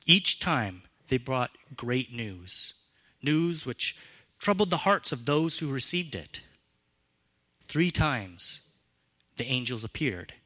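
A man preaching a sermon as pastor, with expressive, emphatic delivery that rises and falls in pitch and loudness. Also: slow, long pauses.

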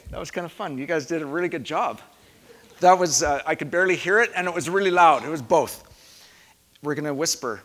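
A man preaching in a church, his voice high and bright against the long echo of the hall. He speaks calmly and reflectively, going quiet at times and then leading loud shouted responses. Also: fairly quick. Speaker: pastor. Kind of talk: sermon. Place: church sanctuary. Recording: echoey hall.

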